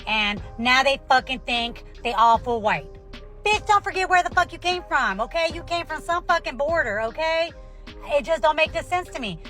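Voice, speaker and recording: Exasperated high-voiced woman ranting. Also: moderate pace, sharp tone, faint music behind. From United States. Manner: profane, exasperated, repeats "okay?". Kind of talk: angry social media rant.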